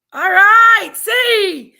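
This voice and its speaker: A woman hosting a casual livestream chat from home on a webcam mic, loud, laughing and bawdy. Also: very high-pitched, gravelly. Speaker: livestream host. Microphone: computer webcam mic.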